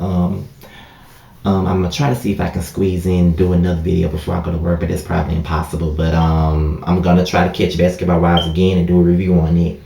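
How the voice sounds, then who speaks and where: A very low-pitched man tells a heartfelt story straight to his viewers in a casual vlog. He talks openly and emotionally, tossing in "y'all" and "you know what I mean." The room gives his voice a noticeable echo. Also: gravelly, background noise. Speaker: vlogger. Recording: echoey room.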